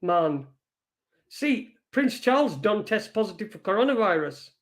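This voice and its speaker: A man talks in a high, lifted voice, reading headlines and riffing on them as he goes. His chat is loose and rambling, full of swearing and restarts, like a host musing live to his viewers. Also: very animated, moderate pace. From Britain. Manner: rambling, swears often, reads headlines aloud. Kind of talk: casual live news commentary.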